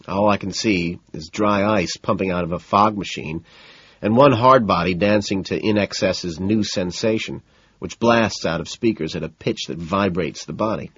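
A man narrating a first-person novel as an audiobook, in a cool, sardonic, deadpan manner. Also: fairly low pitch, husky, no room sound, lo-fi sound.

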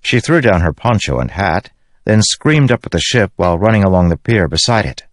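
A man narrating a fantasy audiobook in a steady storytelling manner. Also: low voice, fairly quick, dry recording, clean studio sound. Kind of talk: scripted narration.

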